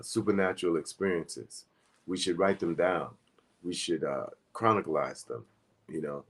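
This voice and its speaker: A man's voice: deep voice, breathy edge. A man giving a casual spiritual teaching talk, speaking earnestly in a rambling, conversational way.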